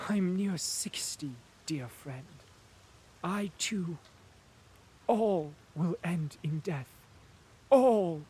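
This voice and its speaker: A man's voice: high-pitched, slight background noise, voice pushed up, heavily acted. A man reading an audiobook who voices a nobleman near sixty, reproachful and commanding, with a sincere, weakening tone. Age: older. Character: aging nobleman near sixty, stern then broken.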